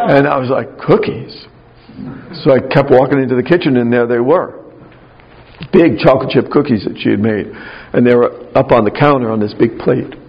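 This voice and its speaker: A man's voice: mid-range voice, lively intonation, moderate pace, gravelly, long pauses, husky. A man giving a conversational spiritual talk to clergy, wry and anecdotal, telling stories from his childhood. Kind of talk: spiritual talk with personal storytelling. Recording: dull lo-fi recording.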